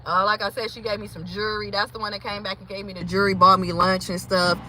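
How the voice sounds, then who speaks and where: A woman's voice: medium pitch, level tone, fast, low-quality recording. A woman talking casually in a rambling, chatty way with a valley-girl lilt while she drives and vlogs from her car. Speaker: vlogger. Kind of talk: casual chat vlog while driving. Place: inside a car on the road. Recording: loud traffic and road noise.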